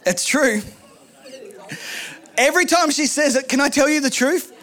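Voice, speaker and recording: A man preaching a sermon, telling stories in an animated way with humorous asides. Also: very high-pitched, moderate pace. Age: adult, married.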